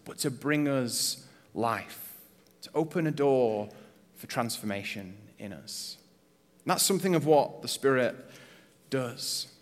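A man's voice: medium pitch, fairly bright tone. A man preaching a sermon as a pastor, conversational and earnest, asking the congregation rhetorical questions. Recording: long reverb of a church hall.

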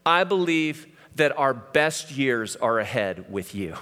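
A middle-aged male pastor preaching a sermon, telling personal stories that swing from loud to hushed. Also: mid-range voice, very animated, slow. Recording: hall reverb.

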